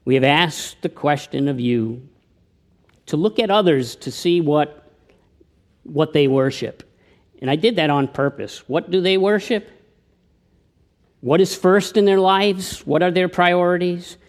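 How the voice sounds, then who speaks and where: A man preaching a sermon, who tells anecdotes and often drops to a hushed tone for his appeals. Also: a little high, a little slow, pauses often. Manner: tells anecdotes, with slips and restarts. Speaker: pastor.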